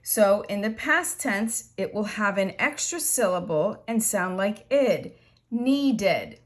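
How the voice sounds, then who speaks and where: A woman with a medium-pitched, animated voice teaches an English grammar lesson. She explains slowly and patiently, repeating examples.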